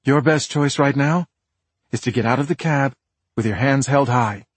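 A man voicing a direct, brisk female police detective in an audiobook. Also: mid-range voice, husky, no echo, voice pushed up, natural voice. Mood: firm. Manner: firm, direct.

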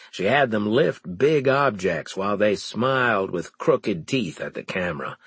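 A man's voice: on the low side, slightly rough, dry recording. A man narrating a first-person audiobook in a wry storytelling manner.

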